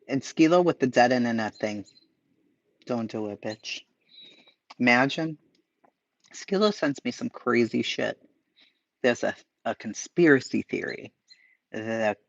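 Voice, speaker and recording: Man, gravelly voice, profane sarcastic streamer chat, dry lo-fi sound. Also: medium pitch, a bit bright, no echo. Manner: profane, sarcastic, muttering asides. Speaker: livestream host reading chat. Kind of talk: casual chat. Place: home, dogs barking nearby.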